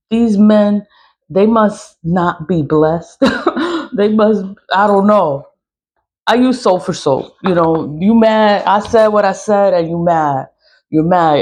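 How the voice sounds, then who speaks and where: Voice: medium pitch, a little mellow. Blunt, repetitive voice with frequent laughs. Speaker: spiritual seller and vlogger. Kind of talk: casual monologue to camera.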